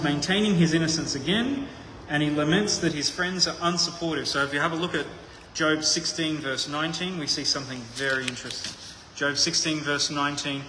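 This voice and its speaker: A man's voice: a little high, bright, forceful tone, a little hiss or hum. A man preaching a conversational sermon, thinking aloud with frequent restarts. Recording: echoey hall with long reverb.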